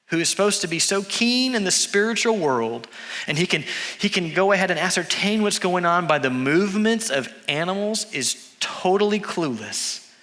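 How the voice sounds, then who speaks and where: A man with a Texan accent preaching a sermon, telling a story in an animated way and slipping into voices for the people in it. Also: fairly high pitch. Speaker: pastor. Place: church sanctuary. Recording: long church hall reverb.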